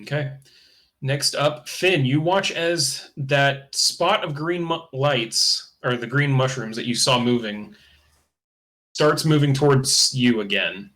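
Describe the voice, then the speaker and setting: A man's voice: mid-range voice, slow, fairly bright tone. A man narrating a tabletop game as game master, in a casual, loose style with fillers like "kinda" and "uh".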